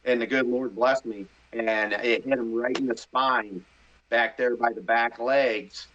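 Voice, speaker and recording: A middle-aged man, a podcast guest, telling a story in casual chat, animated and excitable, acting out his own inner voice. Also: mid-range voice, measured pace, dull audio, slight background noise.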